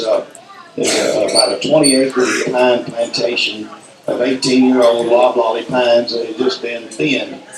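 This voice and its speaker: Southern storyteller, middle-aged man, folksy, echoey hall, a bit distant from the mic. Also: medium pitch. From North Alabama, USA. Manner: folksy, acts out sounds and quotes. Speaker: speaker at a symposium. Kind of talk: storytelling talk. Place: event hall.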